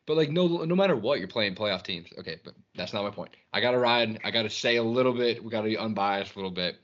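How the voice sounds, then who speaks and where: A man co-hosts a casual sports podcast in a low, bright, forceful voice. He rambles loosely and swears freely. The recording sounds slightly dull. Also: animated, quick pace. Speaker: podcast co-host.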